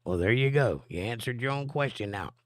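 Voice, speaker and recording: A middle-aged man hosts a live stream, reading viewer comments aloud and answering chat directly in a joking, chatty way. His mid-range voice has lively intonation and a fairly quick pace, captured in clean studio sound with no echo.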